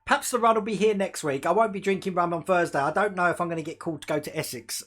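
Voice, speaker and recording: A man's voice: sits high, racing, a bit bright. A man hosting a hobby model-building livestream at home, chatting casually and rambling, laughing often and talking to his dog. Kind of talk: casual live-stream chat.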